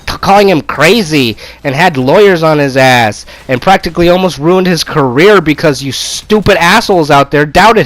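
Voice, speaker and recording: A man's voice: high voice, fairly bright tone, no echo, poor audio. Male gaming vlogger, angry profane rant, gloating, stammering fillers, raised voice, dry close sound. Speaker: gaming video creator.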